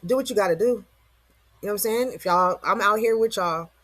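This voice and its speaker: A woman's voice: medium pitch, normal speed, a bit bright, no room sound. Woman vlogger, casual slangy motivational rant, close dry mic. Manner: slangy, rambling, rhetorical questions.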